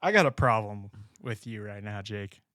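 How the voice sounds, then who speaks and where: A man's voice: lowish voice, animated, moderate pace, bright, forceful tone, no echo. Blunt joking young man, dry sound. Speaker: podcast co-host. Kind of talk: casual chat.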